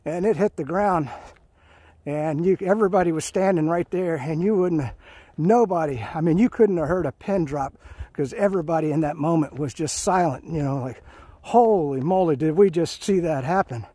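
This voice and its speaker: A man in his fifties, a Marine veteran, rambles through his own service stories while hiking a trail, recorded on a phone in his hand as he walks. His voice is fairly high and dark with a breathy edge, at normal speed, full of fillers and restarts, with no echo.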